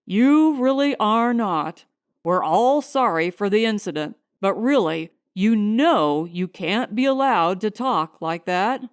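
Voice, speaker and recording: A woman voicing a calm, polite male householder in close to her own voice. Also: mid-range voice, slow pace, smooth, no echo. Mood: courteous.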